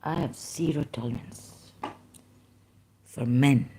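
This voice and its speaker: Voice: mid-range voice, slow, warm tone, a little hiss or hum. Agitated, rambling vlogger. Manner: agitated, rambling, with apologetic asides. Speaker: YouTube channel host. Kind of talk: ranting monologue to commenters.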